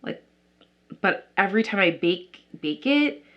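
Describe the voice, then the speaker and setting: A woman's voice: mid-range voice, big pitch swings, unhurried, muffled recording. A young woman vlogger chatting casually as she does her makeup, rambling with lots of likes and restarts. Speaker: beauty vlogger. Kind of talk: casual chat while doing makeup.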